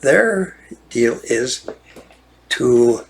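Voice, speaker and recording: Older lawyer type, indignant and repetitive, deep gravelly rasp, mid-pitched. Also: male voice, lively intonation, very slow, slight background noise. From United States. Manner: indignant, repetitive, restarts phrases. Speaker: retired lawyer. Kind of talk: monologue rant.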